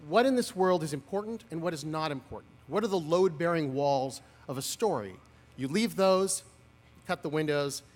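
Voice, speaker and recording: A man in his forties speaks at a podium at an outdoor graduation ceremony, his voice pitched high and swinging widely as he spins funny, self-deprecating stories. The PA throws a long reverb tail across the lawn behind each phrase. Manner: animated, humorous, self-deprecating storytelling. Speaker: commencement speaker. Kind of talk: graduation speech.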